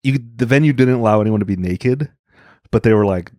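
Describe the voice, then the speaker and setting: Male comedian, low-ish voice, blunt animated storyteller, dry close mic. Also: a little fast, dry recording. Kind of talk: casual podcast chat.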